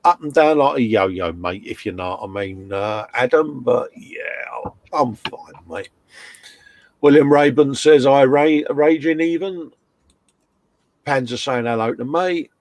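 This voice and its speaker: Host, man, casual live-stream chatter, mid-pitched, dry close sound. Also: measured pace, a little mellow, dry recording. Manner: chatty, reads chat messages aloud, laughs often. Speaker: host reading out live chat.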